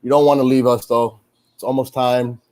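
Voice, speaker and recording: A man's voice: medium pitch, flat delivery, normal speed, mellow. A man hosting a casual sports show, venting with frustration, swearing and rambling through restarts. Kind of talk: casual pregame-style sports chat, venting.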